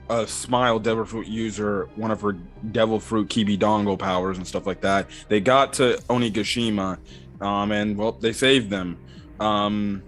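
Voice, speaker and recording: A man's voice: lowish voice, fairly bright tone. A young man giving casual episode-recap commentary in a rambling way, with lots of filler words. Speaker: anime episode reviewer. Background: faint background music.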